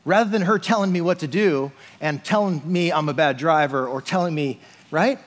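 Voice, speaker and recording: A man's voice: a little high, normal speed, long reverb tail. A male pastor giving a conversational sermon, often asking "right?" and saying "like".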